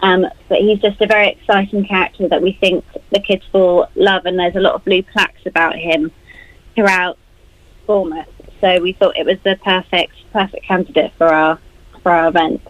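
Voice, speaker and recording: A woman's voice: fairly low pitch, level tone, normal speed, dry recording. Young woman student on the radio explaining her project, kinda muffled dry line. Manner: earnest, explaining with fillers. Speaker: university student guest. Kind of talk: radio interview.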